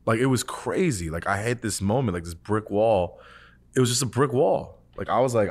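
Earnest rambling man, lowish voice. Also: expressive, moderate pace. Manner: earnest, rambling, heavy use of "like"; storytelling with restarts. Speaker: podcast co-host. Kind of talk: casual faith podcast chat.

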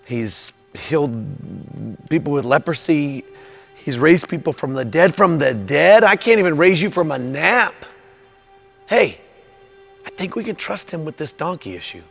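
A man's voice: a little high, big pitch swings, creaky, slightly rough, soft background music, heavily acted. A man playing an impatient, exasperated male disciple who bickers with his friend, in a comedic skit. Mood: coaxing. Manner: impatient, quick to snap and bicker.

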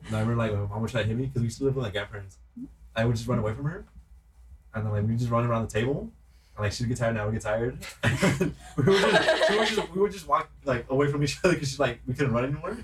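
A man's voice: mid-range voice, animated, very fast. A young man in casual chat, telling childhood stories with jokes and laughter. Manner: joking, laughing storyteller. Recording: distant mic with loud noise.

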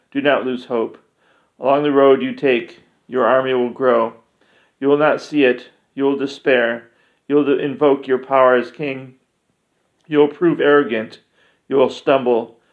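A man voicing a calm, solemn male pilgrim who speaks in measured, grave pronouncements. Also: medium pitch, lightly acted. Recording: dull lo-fi recording.

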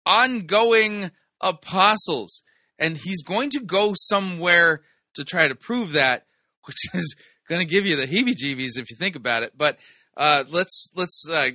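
A man's voice: a little high, bright, forceful tone, no room sound. A man hosting a sermon review, giving casual commentary with wry, sarcastic asides and explaining the Greek text.

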